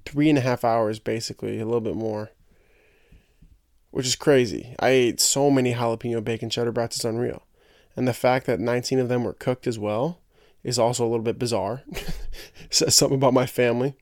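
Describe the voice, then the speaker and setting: A man's voice: mid-range voice, steady tone, a little fast, a little mellow, dry recording, clean studio sound. A young man hosting a podcast, rambling and joking in casual solo chat and tripping over his own words. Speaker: podcast host.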